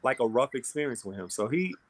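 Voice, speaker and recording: A man in his thirties, a guest on a video call, answering questions in an easygoing, measured way. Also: mid-range voice, big pitch swings. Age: 30s. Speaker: guest, reality-show cast member. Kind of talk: casual interview over a video call.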